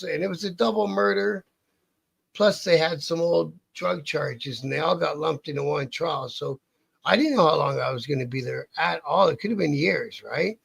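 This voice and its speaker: A man's voice: on the high side, moderate pace, gravelly, fairly bright tone, breathy edge. A man telling a long story in an interview, rambling and swearing, restarting his sentences often. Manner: rambling, profane, restarts a lot. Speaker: interview guest. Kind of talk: casual storytelling.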